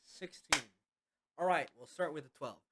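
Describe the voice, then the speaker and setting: A man's voice: fairly high pitch, moderate pace, sharp tone, husky. A man narrating as game master in a loose, casual way with lots of fillers.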